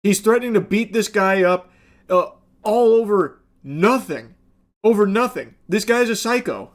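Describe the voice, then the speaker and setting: High-voiced sarcastic male commentator. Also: expressive, measured pace. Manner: sarcastic, exasperated, blunt swearing. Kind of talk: reaction commentary.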